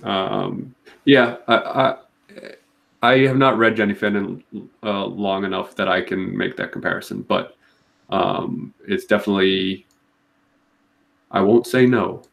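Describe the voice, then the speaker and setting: A low-voiced man with a gravelly edge co-hosts a casual comic book podcast. He is from Massachusetts and talks in halting bursts, restarting his sentences often. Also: steady tone, fairly bright tone. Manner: halting, many restarts and fillers. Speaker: podcast co-host. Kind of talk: casual chat.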